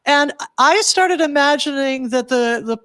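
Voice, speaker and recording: A woman hosting on a video call, warm and attentive in her replies. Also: high-pitched, a little slow, dry recording. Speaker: host. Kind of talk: casual conversation.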